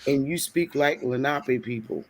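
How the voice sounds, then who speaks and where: A man's voice: medium pitch, measured pace. A man in a casual livestream discussion who speaks bluntly and insistently. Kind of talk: casual debate talk.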